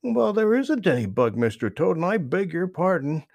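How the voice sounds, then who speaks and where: A man's voice: high voice, sing-song, moderate pace, vocal fry, darkish tone, no echo, voice pushed up, full character voice. A man voicing a cheerful, cheeky young male skunk in a storybook reading, with bouncy sing-song rhymes and eager polite excuses.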